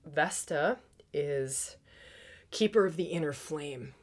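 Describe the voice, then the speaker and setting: A woman hosting an astrology forecast, talking fast and excitedly, laughing often and dropping into soft whispers. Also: sits low. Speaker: astrologer and podcast host.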